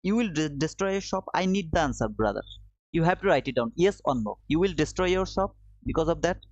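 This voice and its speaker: A man whose isn't teaches a live trading lesson in a slightly high voice. He circles back on his points and coaxes his viewers. The audio is dry and somewhat dull, like a lo-fi stream. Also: expressive, a little fast, dry recording. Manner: repetitive, coaxing, addresses viewers as brother. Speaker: trading livestream host.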